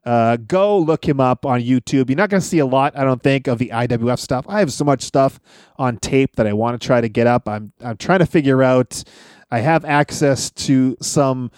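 A man's voice: medium pitch, moderate pace, a little mellow, no echo, studio quality. A man chatting casually on a wrestling podcast, rambling through old stories and laughing often.

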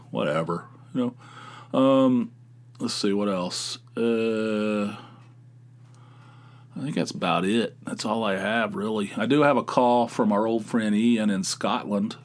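A man hosts a solo podcast in a loose, rambling way. He reaches for words with plenty of you-knows and ums, and keeps a relaxed, offhand delivery. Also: on the low side, measured pace. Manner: rambling, laid-back, many fillers. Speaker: podcast host. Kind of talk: casual solo podcast chat.

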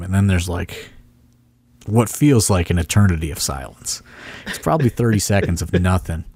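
A low-pitched man tells a long backstage story in a loose, rambling way, leaning on fillers. His voice is recorded dry and close, with no room sound around it. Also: lively intonation, moderate pace, mellow, slightly rough, dry recording. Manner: rambling, heavy with "like" and "you know" fillers. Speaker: wrestling promoter and podcast host. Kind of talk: casual storytelling chat.

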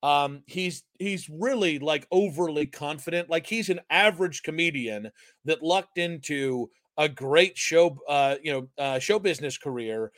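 Midwest guy cohosting a sports podcast, high voice, dry close sound, goofing around. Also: a little slow, no room sound. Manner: joking, animated, puts on silly voices. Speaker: podcast co-host. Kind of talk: casual sports chat.

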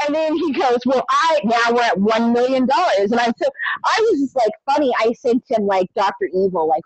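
A middle-aged woman telling her story in a casual interview, animated and climbing to high exasperated tones. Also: brisk, low-quality recording. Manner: animated, rising to high exasperated pitch when retelling exchanges. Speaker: documentary creator interviewed as guest.

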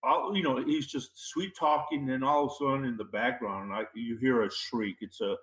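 A man's voice: mid-range voice, steady tone, moderate pace, fairly bright tone. Emphatic man, roomy echo. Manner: emphatic, repeats key phrases. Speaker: guest. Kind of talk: casual interview talk.

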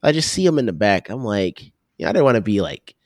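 A man's voice: fairly low pitch, very animated, quick pace, no echo, clean studio sound. A young man co-hosting a casual podcast chat in a laid-back, slangy way, laughing often. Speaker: podcast co-host.

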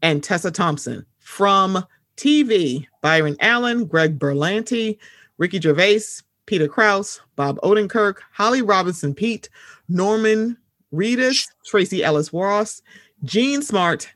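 A woman hosting a casual podcast chat, talking in a blunt, animated, often profane way and reading out news items. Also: medium pitch, slow, no room sound, studio quality. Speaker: podcast host.

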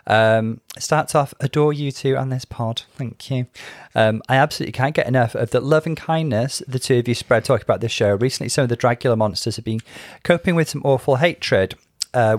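A man in his thirties co-hosts a casual chat podcast in a dry, close-miked room. He teases his co-host gently and talks thoughtfully about the show. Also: mid-range voice, no echo. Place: Liverpool home studio.

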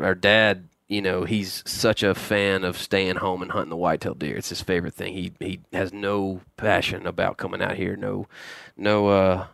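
Brief: low, gravelly but smooth male guest, halting storyteller, dry close mic. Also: fairly bright tone, no echo. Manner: halting, many restarts and repeated words. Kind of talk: casual storytelling in a podcast interview.

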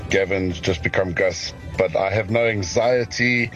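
A man's voice: deep voice, a little slow, fairly bright tone, highs cut off, faint music behind. A laid-back, unbothered man telling a listener story in a voice note to a radio show.

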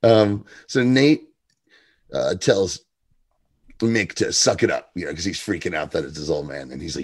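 A man with a low, slightly husky voice recaps a TV episode in a casual chat. His pitch rises and falls a lot, and he keeps slipping into quick impressions of the characters. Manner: animated, quotes characters in put-on voices, laughs often. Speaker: podcast co-host.

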